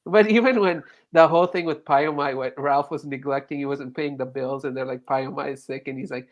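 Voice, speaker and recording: A man appearing as a podcast guest, chatting casually and animatedly, quick to quote scenes. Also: a little high. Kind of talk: casual discussion.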